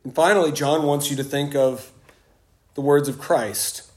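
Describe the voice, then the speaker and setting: Slow, emphatic high-voiced male preacher. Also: fairly even intonation. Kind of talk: sermon.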